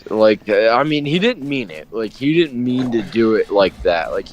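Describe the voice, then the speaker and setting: A man's voice: mid-range voice, very animated, normal speed, dull audio, slight background noise. A man in casual chat with friends, hesitant, talking in short restarts. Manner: hesitant, restarts, many fillers.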